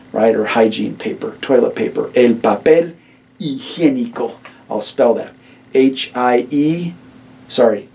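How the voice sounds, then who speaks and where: A man teaching vocabulary in an easygoing, encouraging way, often tossing questions at his students. His voice is mellow and dark, recorded a little away from the mic. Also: mid-range voice, creaky, distant mic. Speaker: Spanish teacher.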